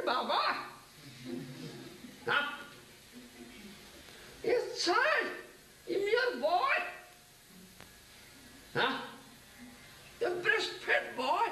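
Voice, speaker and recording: A man voicing a devoted, simple elderly father in a retold scripture story, pleading slowly and checking with repeated "huh?". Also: high voice, sharp tone, heavily acted. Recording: echoey room, distant mic, faint noise.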